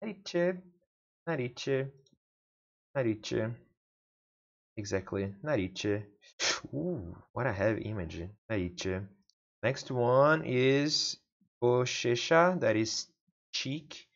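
Portuguese-native man, very slow, repetitive self-study drills; dull lo-fi home recording. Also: medium pitch, expressive. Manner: repeats words aloud over and over, mutters to himself. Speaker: language learner. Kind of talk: casual self-study practice.

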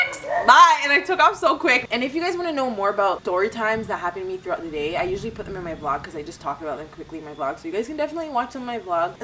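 A young woman telling chatty, animated stories as a vlogger. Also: medium pitch, far from the mic, a little hiss or hum, poor audio. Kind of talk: casual storytime.

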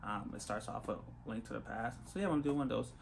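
A young man hosting a casual unboxing vlog, talking in an awkward monotone full of ums. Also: mid-range voice, quick pace, vocal fry. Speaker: unboxing vlogger. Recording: faint background noise.

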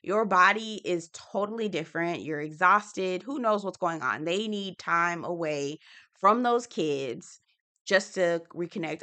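Chatty woman with a bright voice recapping reality TV. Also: lowish voice, measured pace. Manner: chatty and opinionated, slangy, acts out quotes. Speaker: TV recap host. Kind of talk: casual reality-TV recap commentary.

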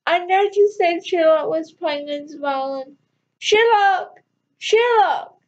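A woman narrating an amateur audio story quietly, with halting restarts. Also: sits high, dull audio.

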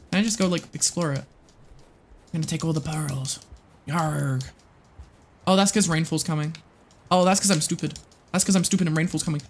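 A young adult game streamer talking live to chat, jumpy and quick to curse. They ramble in restarts and running self-talk while playing. The voice sits in a middling pitch. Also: slight background noise. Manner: excitable and swearing, chatting with viewers.

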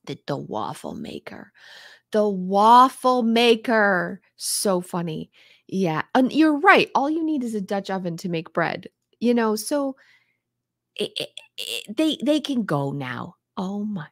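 A woman's voice: medium pitch, very animated, slow, a bit bright, no room sound, studio quality. Chatty woman hosting a live stream. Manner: chatty, playful, frank. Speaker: decluttering livestream host. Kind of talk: casual livestream chat reading comments.

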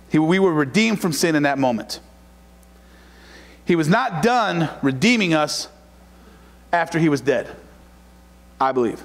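A pastor preaching in a high, light male voice, his words ringing out in a long hall reverb. He hammers home points through repetition and rises to loud cries, then slows down to read scripture with deliberate weight. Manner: preaching with rising shouted emphasis and repetition; reads scripture slowly and deliberately. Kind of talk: sermon.

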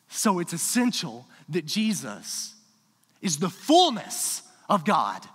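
Animated, bright-voiced preacher in a reverberant hall. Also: male voice, high-pitched, measured pace, breathy edge. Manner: emphatic, swings from quiet asides to loud declarations. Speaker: pastor. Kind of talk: sermon. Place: church sanctuary.

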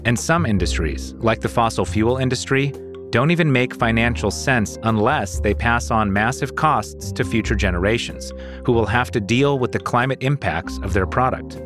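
A man co-hosting a podcast, reading scripted narration in a measured, deliberate way. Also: mid-range voice, music in the background. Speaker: podcast co-host.

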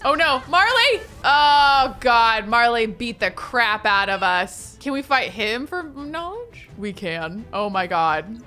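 A woman giving excitable, chatty let's-play commentary as she plays a life-simulation game, squealing over wins. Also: medium pitch. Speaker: gaming video creator.

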